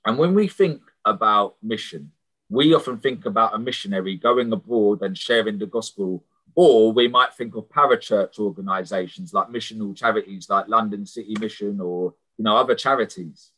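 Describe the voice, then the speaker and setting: A man's voice: lowish voice, normal speed, a bit bright, low-quality recording. A man preaching a sermon as a prison missionary, sharing stories in an earnest, conversational way and often repeating words as he starts a phrase. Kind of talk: sermon with personal testimony.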